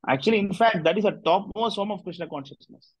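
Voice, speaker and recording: A man's voice: high-pitched, quick pace, slightly rough, no room sound, low-quality recording. A man, a spiritual teacher leading a discussion group, telling a devotional story in a loose, rambling way with many "you know" fillers.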